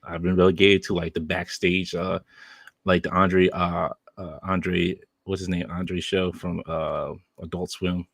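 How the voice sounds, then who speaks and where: A man hosting a toy podcast, joking around in a lively way and reading chat comments aloud. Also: low-pitched, a little slow, creaky, no room sound. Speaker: podcast host. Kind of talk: casual chat.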